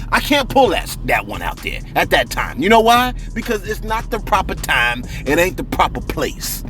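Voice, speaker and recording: A man hosts a celebrity gossip show in a loose, joking style full of slangy asides. His voice sits a little high and jumps around a lot. Faint music plays behind him. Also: very animated, moderate pace, hardly any pauses, a bit bright. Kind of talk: casual celebrity commentary.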